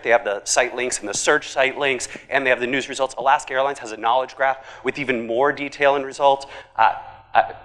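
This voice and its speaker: A man giving a conference keynote, talking in an animated, conversational way and tossing in jokey asides. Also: medium pitch, in a large hall. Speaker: conference speaker. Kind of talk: keynote presentation. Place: large conference hall.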